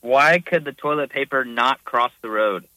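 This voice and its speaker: A man's voice: medium pitch, moderate pace, pushed and bright, dry recording, rough recording. A young married man calling in to a radio show, talking hesitantly with many fillers. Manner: hesitant, lots of ums. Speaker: caller. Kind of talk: phone-in chat.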